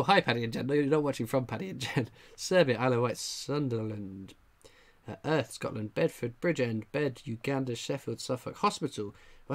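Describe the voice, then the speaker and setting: Laid-back man reading live chat. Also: mid-range voice. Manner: dry, understated humour; frequent filler "uh" while scanning chat. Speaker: livestream host. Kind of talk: casual livestream chat reading viewer comments.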